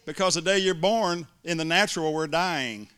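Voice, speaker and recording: A man's voice: fairly high pitch, normal speed, a bit bright, clean tone. A male preacher, delivering an emphatic sermon to a congregation and mimicking complainers in little voices. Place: church before a congregation.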